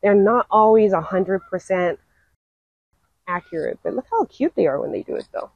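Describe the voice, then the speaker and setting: A woman's voice: mid-range voice, normal speed, dry recording, lo-fi sound. A young woman narrating a casual walking vlog in an outdoor park, chatty and full of "like" and "um". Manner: chatty, lots of "like" and "um". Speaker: wildlife vlogger.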